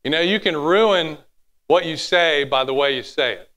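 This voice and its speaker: A man delivering a sermon in a high, bright voice. He is animated, sometimes drops to a hushed tone and acts out little quotes as he preaches. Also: normal speed. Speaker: pastor.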